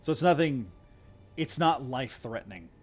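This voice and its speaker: A man's voice: medium pitch, expressive, normal speed, a little mellow, husky, highs cut off. A man chatting loosely to viewers while he live streams a game, rambling and repeating himself. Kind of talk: casual live stream chat while gaming.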